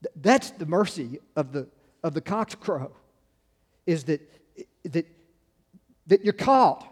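A man preaches to his congregation in an earnest, halting way, restarting his phrases and then pressing hard on key words. His voice sits a little high for a man. The sound carries a long reverb from a church hall. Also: sing-song, darkish tone, breathy edge. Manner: earnest, halting with many restarts, builds to emphatic peaks. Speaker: pastor. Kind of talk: sermon.

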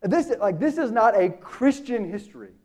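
Animated preacher man, high mellow voice. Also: normal speed. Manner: casual and animated, acts out dialogue. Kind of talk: sermon.

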